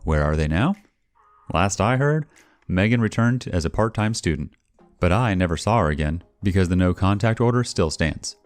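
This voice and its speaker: A man reading a first-person story aloud in a wry, expressive way, as the channel's narrator. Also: deep voice, moderate pace, no echo. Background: faint background music.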